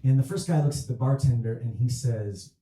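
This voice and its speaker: An actor playing an awkward male horror writer doing stand-up, telling a joke in a halting, deadpan way on a small theatre stage. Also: mid-range voice, lightly acted. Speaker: stand-up comedian. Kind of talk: stage play, stand-up routine. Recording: echoey theatre room.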